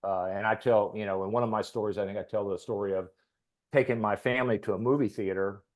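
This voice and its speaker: A man's voice: fairly low pitch, steady tone, fast. A middle-aged man from Texas, a podcast guest, telling a long casual story with many fillers and small laughs. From Texas, USA. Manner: rambling, with fillers and soft laughs.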